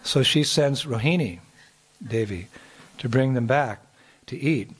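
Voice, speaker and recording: A man's voice: medium pitch, unhurried, breathy edge. A man telling a devotional story, chuckling often and restarting his sentences. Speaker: spiritual storyteller.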